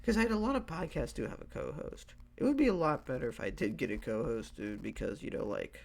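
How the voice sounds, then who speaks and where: A young man hosting his own podcast alone, talking in a loose, rambling way full of fillers and half-finished thoughts. He sounds tired and yawns between lines. His voice has a gravelly, fry-laden edge at a middle pitch. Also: lively intonation, fast talker, a little mellow. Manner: rambling, hesitant, many fillers and restarts. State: tired, yawning. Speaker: podcast host.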